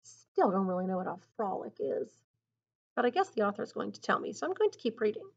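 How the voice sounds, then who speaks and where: A woman reading a picture book aloud in an expressive, teacherly way, pausing to think aloud about the story. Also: medium pitch, gravelly, husky. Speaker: storybook reader. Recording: dull lo-fi recording.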